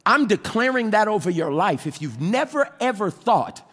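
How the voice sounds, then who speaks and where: High-voiced, fervent male preacher. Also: sing-song, normal speed. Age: adult with children. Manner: fervent, swings from shouting to hushed, call and response. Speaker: pastor. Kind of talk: sermon.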